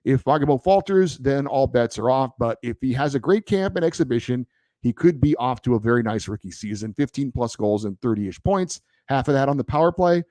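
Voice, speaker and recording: A man's voice: medium pitch, expressive, brisk, darkish tone, no room sound. Guy chatting on his hockey podcast, reading fan mail, dry close sound. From born in Hawaii, raised in California. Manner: conversational, pushes back, many fillers. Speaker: podcast host. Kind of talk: casual hockey podcast, reading listener feedback.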